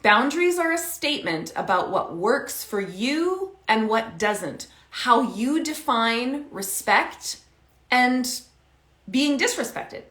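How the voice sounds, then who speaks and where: A woman coaching parents in a casual, animated talk, acting out both sides of an everyday conversation. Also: on the high side, slow, roomy sound. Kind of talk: casual teaching talk to camera.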